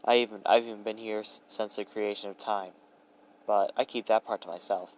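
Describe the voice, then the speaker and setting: A man voicing a playful, ancient male trickster god who teases and pouts in a breezy way. He speaks in a low voice. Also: fairly even intonation, fairly quick, lightly acted, low-quality recording. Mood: teasing. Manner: teasing, pouty and breezy.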